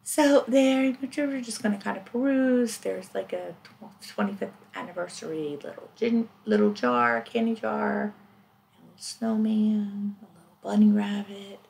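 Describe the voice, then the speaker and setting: Excitable gravelly-voiced woman thrifting. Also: mid-range voice, measured pace. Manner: chatty, excitable, drops to whispers. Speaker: thrift reseller vlogger. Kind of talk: casual narrated haul vlog.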